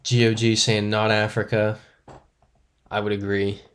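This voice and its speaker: A man's voice: on the low side, monotone, measured pace. A man streaming a geography guessing game live, thinking aloud, chatting with viewers and poking fun at himself. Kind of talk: casual live-stream commentary, reading chat.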